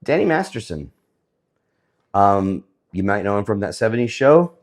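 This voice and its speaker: A man giving casual, sarcastic commentary on the week's news, often pausing with fillers. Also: fairly low pitch, very animated. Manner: sarcastic, hesitant with many fillers.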